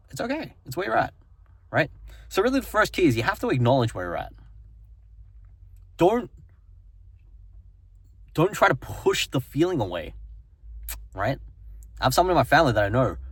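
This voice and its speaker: A man with a slightly husky voice speaks earnestly in a motivational self-help talk. His pitch swings widely as he presses a point. He keeps repeating phrases and checking in with "right?".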